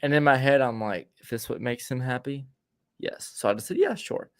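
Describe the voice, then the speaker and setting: A man's voice: mid-range voice, brisk, no room sound, clean studio sound. Stammering man telling a rambling story. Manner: rambling, stammering restarts, acts out quoted voices. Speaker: podcast co-host. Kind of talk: casual storytelling chat.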